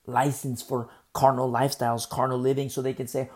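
A woman preacher works through a Bible chapter verse by verse, with a remarkably deep, low voice. She repeats her key phrases and checks in with rhetorical questions to drive each point home. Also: fairly even intonation, fast talker, darkish tone. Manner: emphatic, rhetorical, repeats key phrases, asks "You see?".

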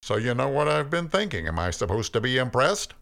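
A man's voice: medium pitch, very animated, brisk, vocal fry, fairly bright tone, pitched above the performer's own voice. A man voicing a sarcastic, resentful young man whose anger keeps rising until he is nearly screaming, mocking in tone.

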